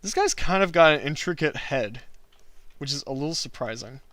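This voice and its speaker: A man's voice: on the high side, expressive, normal speed, fairly bright tone, no echo. A man hosting a drawing livestream, chatting casually with his viewers and often laughing. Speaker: livestream host, cartoonist. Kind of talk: casual chat while drawing.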